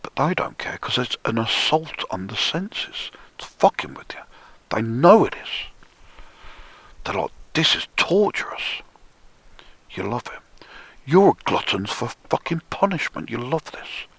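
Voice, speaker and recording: A man delivering a profane, sneering monologue, often dropping into hushed whispers for emphasis. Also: medium pitch, sing-song, unhurried, slightly rough, no echo. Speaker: conspiracy commentator. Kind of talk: ranting monologue.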